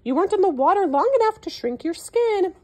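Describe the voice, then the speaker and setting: A woman's voice: sits high, big pitch swings, normal speed, a little mellow, voice pushed up. Woman doing a crafty, coaxing crocodile. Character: crafty hungry male crocodile, sly and coaxing.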